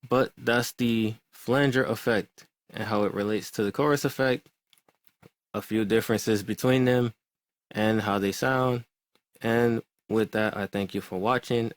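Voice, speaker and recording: A man explaining music production in a relaxed, conversational way, thinking aloud as he goes. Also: on the low side, measured pace, no room sound. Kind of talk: tutorial explanation.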